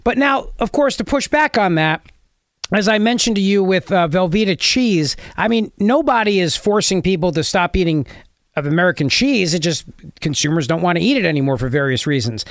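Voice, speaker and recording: A man's voice: sits high, animated, a little fast, no echo, clean studio sound. A man hosting a call-in talk radio show, sarcastic and mocking as he takes calls. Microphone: studio mic.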